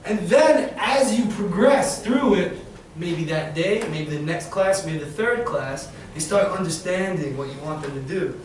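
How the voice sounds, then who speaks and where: A man leading a live teacher-training session in a classroom, energetic and demonstrative, often acting out his examples. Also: high voice, a little slow. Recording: very echoey room, far mic, faint noise.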